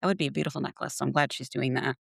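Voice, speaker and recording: A woman's voice: rumbling low, fairly even intonation, very fast, vocal fry, slightly rough, no echo, studio quality. A woman co-hosting a podcast in casual chat, laughing often and acting out what others said. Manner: chatty, laughs often, acts out quotes. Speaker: podcast co-host.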